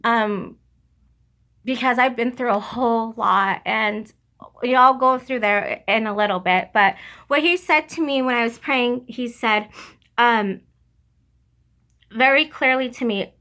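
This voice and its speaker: A young woman giving an emotional religious testimony, earnest and halting, close to tears, with many restarts. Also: a little high, bright, forceful tone. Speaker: vlogger sharing religious testimony.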